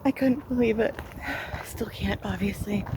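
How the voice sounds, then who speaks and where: A young woman vlogger telling an emotional personal story, slow and halting, her voice tearful at times. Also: mid-range voice, noisy background.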